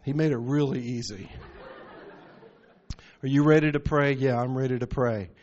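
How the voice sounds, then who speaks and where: A man's voice: medium pitch, steady tone, moderate pace, a little mellow. A man preaching a sermon, telling stories and rising into emphatic bursts. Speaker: pastor. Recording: muffled lo-fi recording.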